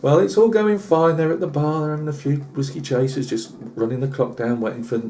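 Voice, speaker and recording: Chatty British bloke spinning a yarn. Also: male voice, a little high, a little fast, warm tone, a little hiss or hum. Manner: chatty, lots of asides and fillers. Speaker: channel host. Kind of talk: rambling comic tall tale.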